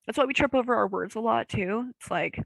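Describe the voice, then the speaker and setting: A woman's voice: a little high, fairly quick, vocal fry, a bit bright, dry recording, rough recording. A young woman hosting a podcast, talking in a rambling, casual way with lots of fillers and self-deprecating asides. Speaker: podcast host. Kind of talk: casual chat.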